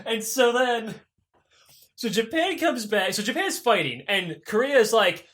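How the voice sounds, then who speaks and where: Man, podcast co-host, high voice, very animated, irreverent, profane. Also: measured pace. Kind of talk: casual comedic history retelling.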